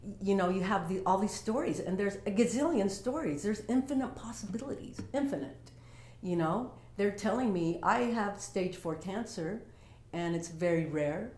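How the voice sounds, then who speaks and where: A woman's voice: mid-range voice, animated, normal speed, a little mellow. A woman at home telling her personal story in a casual, heartfelt and rambling way, full of fillers. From Utah. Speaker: vlogger sharing a personal story. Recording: roomy echo.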